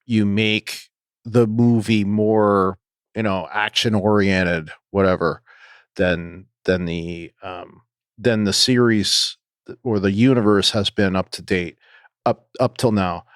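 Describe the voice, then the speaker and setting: Slow, low-voiced man on a podcast. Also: steady tone, clean tone, no room sound, studio quality. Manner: halting, many ums and restarts. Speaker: podcast co-host. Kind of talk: casual podcast discussion.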